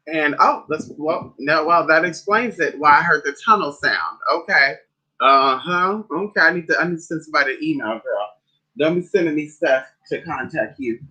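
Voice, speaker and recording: A man's voice: moderate pace, husky. A man livestreaming as a spiritual advisor, chatting casually and sassily with viewers, calling them honey and girl. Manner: animated storyteller with big pitch swings.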